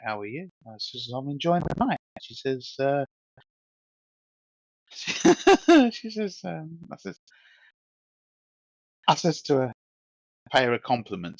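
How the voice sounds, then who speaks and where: A man's voice: lowish voice, a bit bright, dry recording, muffled recording. Cheeky London man telling a story. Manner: rambling anecdote with frequent restarts, laughing and cheeky. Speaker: podcast co-host. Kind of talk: casual storytelling chat.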